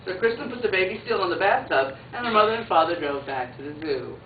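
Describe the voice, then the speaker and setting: A woman pre-K teacher reading a picture book aloud to children, an animated storyteller who adds playful asides and moves between loud sound effects and soft narration. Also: lowish voice, quick pace, over a noisy crowd. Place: classroom. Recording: tinny, echoey classroom from far off. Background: loud classroom noise.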